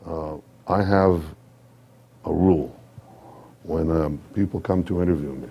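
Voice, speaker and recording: A man with a sore throat, giving measured public remarks at an event, pausing often with fillers. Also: deep voice, warm tone, husky. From Israel. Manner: measured, hesitant with many fillers. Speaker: guest speaker.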